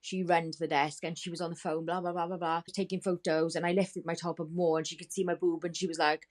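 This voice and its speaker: A woman's voice: fairly low pitch, flat delivery, quick pace. A woman, a podcast guest telling her story candidly, emotional and rambling, swearing freely.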